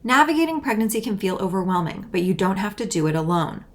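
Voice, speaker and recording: A woman's voice: medium pitch, sing-song, quick pace. Heated young woman commentator. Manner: heated, indignant, sarcastic. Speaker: political commentator. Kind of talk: reacting to clips, commentary.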